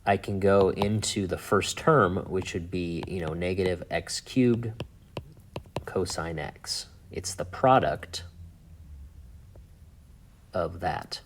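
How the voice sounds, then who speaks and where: Low-voiced man teaching math casually. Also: takes it slowly, pauses often, a little hiss or hum. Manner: thinks aloud with fillers and asides. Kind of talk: casual whiteboard lesson.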